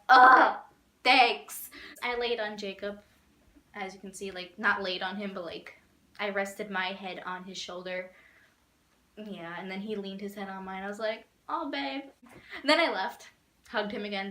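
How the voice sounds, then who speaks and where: A woman's voice: mid-range voice, moderate pace, echoey room. Young woman rambling through a fan story. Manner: rambling, animated, many "like"s and laughs. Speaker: vlogger. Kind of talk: casual storytelling.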